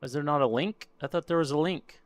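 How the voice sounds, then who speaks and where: A man's voice: on the high side, fast talker. A man chatting casually on a live stream while painting a model kit, muttering to himself and trailing off. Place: home workshop.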